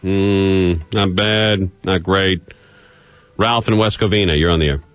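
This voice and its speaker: A man hosting a call-in radio talk show, brisk and dry, teasing his callers. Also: low voice, steady tone, a bit bright, no echo, faint music behind. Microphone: studio microphone.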